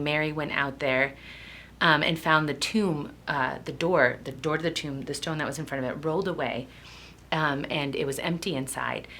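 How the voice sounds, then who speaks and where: Tearful woman, devotional reader; emotional, halting delivery that dips to near whispers. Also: deep voice, a bit bright. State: tearful, close to crying. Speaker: devotional speaker. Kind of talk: devotional Bible reading and reflection.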